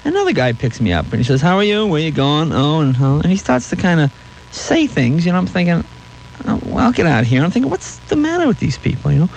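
A man who talks fast and rides his pitch up and down, with a voice that sits a little high for a man. He tells his stories as an interview guest and slips into voices for the people in them. Faint noise hums behind him. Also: creaky, poor audio. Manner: animated, acts out voices in stories. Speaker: guest comedian. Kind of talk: anecdotal interview storytelling.

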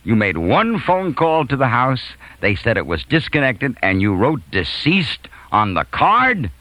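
A man playing a cocky, smooth-talking teenage boy who bargains his way out of trouble. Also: medium pitch, big pitch swings, unhurried, bright, forceful tone, no echo, pitched above the performer's own voice, poor audio. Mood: coaxing. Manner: persuasive, coaxing, street-smart.

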